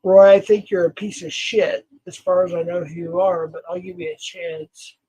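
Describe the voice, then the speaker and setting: A man hosting a livestream, ranting and swearing with loud outbursts that drop to near mutters. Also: high voice, fairly even intonation, moderate pace, husky, rough recording. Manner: swearing, shouting in bursts, then dropping quiet. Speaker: livestream host. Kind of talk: angry livestream rant.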